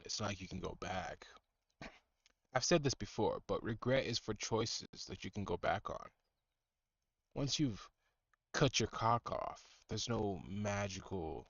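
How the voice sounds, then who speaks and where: A man's voice: lowish voice, a bit bright, dry recording, lo-fi sound. A man streaming as he reacts to videos, giving blunt, scornful, profane commentary. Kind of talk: mocking commentary.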